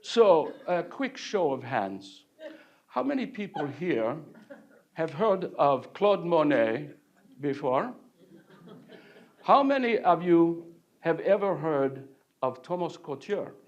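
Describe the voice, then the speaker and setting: A man's voice: a little high, slow, pauses often, lo-fi sound, exaggerated voice. A man playing a theatrical French painter storyteller. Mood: playful. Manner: animated, joking with the audience. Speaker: actor portraying a painter. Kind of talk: live one-man character performance. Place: village hall, live audience.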